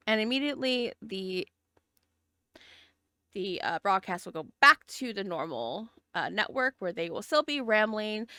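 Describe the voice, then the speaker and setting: A woman's voice: medium pitch, pushed and bright, no room sound, clean studio sound. A woman running a tabletop role-playing game, narrating casually and hesitantly, often restarting her phrases. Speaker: game master.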